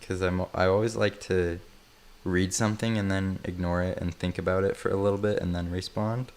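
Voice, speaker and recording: A man's voice: deep voice, flat delivery, a little fast, darkish tone. A man casually chatting on a livestream while he works on a build, rambling and joking at his own expense. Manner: rambling, self-mocking, chuckles often.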